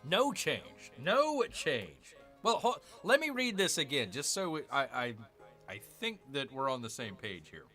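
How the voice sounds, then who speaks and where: A man's voice: medium pitch, very animated, normal speed, sharp tone, faint music behind. A man hosting a gaming channel, chatting casually through a strategy game, repeating himself and calling viewers "people". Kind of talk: casual let's-play commentary.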